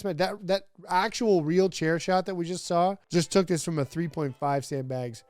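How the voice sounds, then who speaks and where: This man hosts a comedic wrestling review, rambling casually and sarcastically with lots of fillers and frequent laughter. His voice is fairly high-pitched at a normal speed, and the recording is very noisy.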